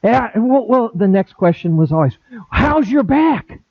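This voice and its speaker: A middle-aged pastor preaching a sermon, animated, acting out quoted conversations with big swings in voice. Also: male voice, sits high, unhurried, dry recording. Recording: dry, tinny phone-like sound.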